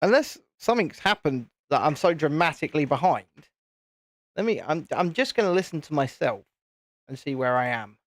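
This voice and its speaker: A man's voice: fairly high pitch, expressive, normal speed, dry recording, clean studio sound. A British man casually chatting and rambling with jokes while hosting a live building stream. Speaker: livestream host.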